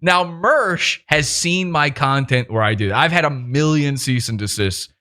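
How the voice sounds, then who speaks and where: Animated, bright-voiced foul-mouthed man. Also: fairly high pitch, a little slow. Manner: profane, mocking, laughs often. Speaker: podcast host. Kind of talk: casual interview.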